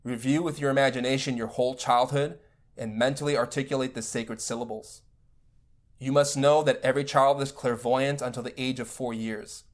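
Male spiritual teacher, mid pitch, measured lecture delivery. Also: fairly even intonation.

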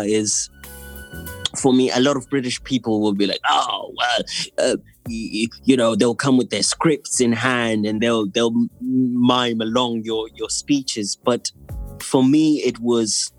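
Hesitant man with a Zimbabwean accent. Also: mid-range voice. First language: a Zimbabwean language. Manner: hesitant, many restarts and fillers. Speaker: actor, guest. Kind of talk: casual conversation.

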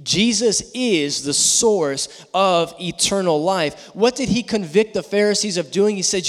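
High-voiced preacher in a reverberant hall. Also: male voice, lively intonation. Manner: builds to loud emphatic peaks, then drops low and slow. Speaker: guest pastor. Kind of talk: sermon. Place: church sanctuary.

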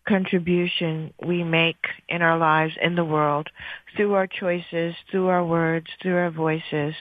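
A woman radio host leading a guided breathing meditation in a soft, measured, soothing way with pauses. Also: lowish voice, dry recording. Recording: dry, phone-like lo-fi sound.

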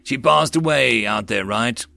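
A man voicing a grave, weary older male magister in an audiobook, speaking in a measured, slow way. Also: medium pitch, vocal fry, bright, forceful tone, no room sound, full character voice. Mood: gentle.

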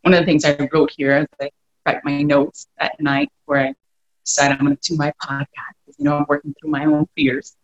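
A woman hosting a wellness podcast, reading a story excerpt aloud and then talking gently and encouragingly to her listeners. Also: sits low, big pitch swings, a little fast, gravelly, highs cut off.

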